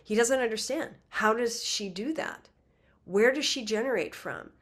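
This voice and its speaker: A woman's voice: on the high side, expressive, normal speed, a bit bright, pitched above the performer's own voice. A woman voicing a frustrated, grouchy male god of destruction, complaining in an exasperated way.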